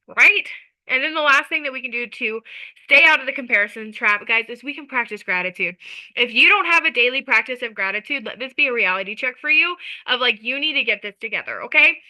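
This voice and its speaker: A woman with a high, very bright voice talks to her followers as a social media coach. She is emphatic and energetic. She keeps checking in with her listeners as she goes. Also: quick pace, low-quality recording. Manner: energetic, emphatic, chatty with repeated "okay?". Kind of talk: motivational talk to followers.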